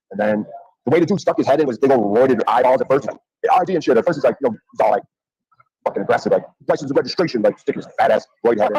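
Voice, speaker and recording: A man talking fast and swearing a lot as he tells a story, acting out what people said. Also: medium pitch, a little mellow, husky, no echo, low-quality recording. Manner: rapid, profane, acts out quotes. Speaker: guest telling a story. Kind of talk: casual chat, storytelling.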